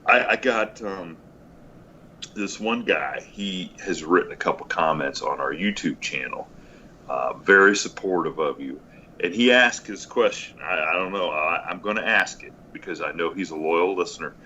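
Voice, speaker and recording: A man's voice: deep voice, moderate pace, pushed and bright. A man hosting a casual podcast, laughing often and encouraging his guest. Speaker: podcast host. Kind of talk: casual chat. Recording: lo-fi with faint noise.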